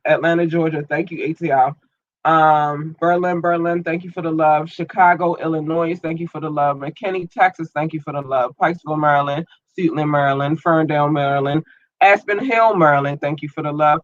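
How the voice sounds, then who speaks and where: A man's voice: on the high side, fairly bright tone, no echo, muffled recording. A man hosting his own podcast in loose, rambling slang, filled with ums, talking through an irritated, watering eye. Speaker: podcast host. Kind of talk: casual solo podcast chat.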